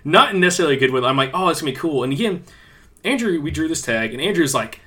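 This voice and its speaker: A male podcast co-host talks through a hunting story in a relaxed, casual way. His voice is bright and forceful, and he keeps turning to the listeners as he tells it animatedly. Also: fairly high pitch, quick pace.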